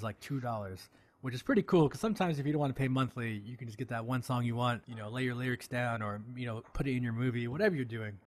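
A man hosting a podcast, casual and jokey, reading a sponsor spot and laughing often. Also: medium pitch. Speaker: podcast host.

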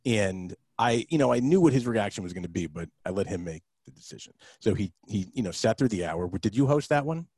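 Husky deep-voiced middle-aged host. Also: male voice, fairly quick, hardly any pauses, no room sound. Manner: relaxed, loose questions with many fillers. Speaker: podcast host. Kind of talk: casual interview chat.

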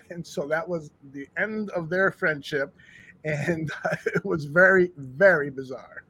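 Husky-voiced man telling animated sports stories. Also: fairly high pitch, takes it slowly. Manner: animated storyteller, many restarts. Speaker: podcast co-host. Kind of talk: casual sports talk. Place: studio bar room.

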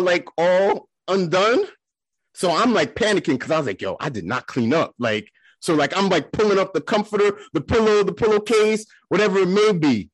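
A man co-hosting a podcast, telling embarrassing stories in a casual, animated way and acting out the voices in them. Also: on the high side, no echo. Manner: animated, laughing storyteller who acts out quotes. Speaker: podcast co-host.

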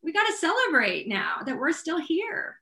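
A middle-aged woman guesting on a podcast, her voice high and very bright with a roomy echo around it. She speaks expressively and emphatically, laughing often. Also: wildly swooping pitch, normal speed, gravelly. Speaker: podcast guest, astrology reader. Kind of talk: casual podcast chat. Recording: echoey room.

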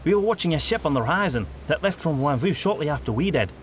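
A man's voice: a little high, expressive, fast talker, slight background noise, pitched above the performer's own voice, lightly acted. A man voicing a polite, earnest young male initiate who talks in a reassuring way.

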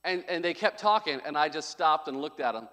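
High-voiced pastor preaching in a reverberant hall. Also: male voice, animated, fairly quick, fairly bright tone. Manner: chatty, joking asides turning into emphatic preaching. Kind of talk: sermon.

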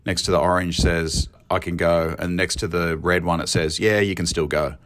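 A young man calling into a podcast, recorded on his phone, talking in an excited, rambling way and laughing often. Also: low-pitched, moderate pace. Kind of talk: casual chat.

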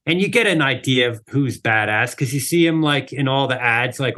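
A man's voice: mid-range voice, moderate pace. A man, a drummer, guest on an interview, telling a casual story with lots of "like" and "you know" fillers. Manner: animated, acts out quoted people in the story.

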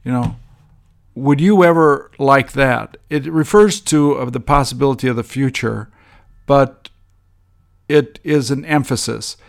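A man teaching English grammar, walking through example sentences in a measured way with frequent ums. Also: mid-range voice, creaky.

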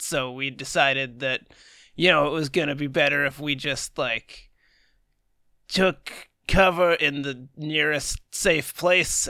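A man playing a tabletop role-playing game, speaking in character in a hesitant, halting way. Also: fairly high pitch, sharp tone, smooth, no room sound, studio quality. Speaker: player.

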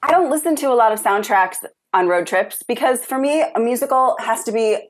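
A woman's voice: on the high side, expressive, brisk. A woman who works in stage performing, speaking candidly as an interview guest. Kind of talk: casual interview.

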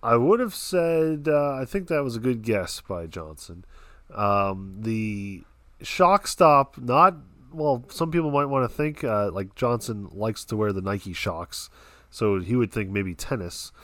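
A man's voice: mid-range voice, animated, a little slow, a bit bright, dry recording. A man playing as a contestant in a casual podcast quiz, answering with jokes and playful asides.

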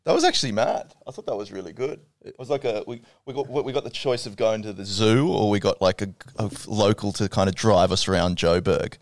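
A man, a band member guest telling tour stories, animated and swearing. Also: fairly low pitch, brisk, few pauses, dry recording, studio quality. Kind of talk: casual storytelling.

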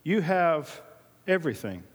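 A man's voice: a little high, big pitch swings, measured pace. A man preaching a sermon as pastor, emphatic and repeating his key lines, with folksy storytelling. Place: church. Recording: long reverb of a large hall.

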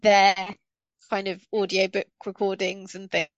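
A woman's voice: mid-range voice, little pitch movement, measured pace, no echo, muffled recording. A woman guest on a podcast, talking in an encouraging, loose, rambling way. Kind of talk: casual chat.

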